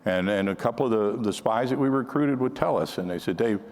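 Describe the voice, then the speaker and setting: An older man with a lowish voice gives a conference talk, spinning anecdotes in a loose, conversational way. His sentences often restart midway. The sound carries the long reverb of a large hall. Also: a little fast, a little mellow. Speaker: conference speaker on counterintelligence. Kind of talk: storytelling talk to an audience.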